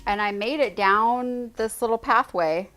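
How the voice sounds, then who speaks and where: A woman's voice: a little high, a little slow, loud music behind the voice. Rambling woman telling a story. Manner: rambling storyteller, many fillers. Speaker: co-host. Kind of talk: casual livestream chat.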